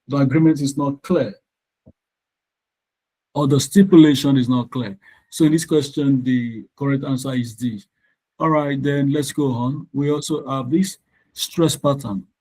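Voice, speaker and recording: A male tutor giving a live online lesson, talking students through exam questions at a measured, explanatory pace. His pitch sits in an ordinary middle range, and he stops now and then to check whether the class can hear him through his computer mic. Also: mellow, rough recording.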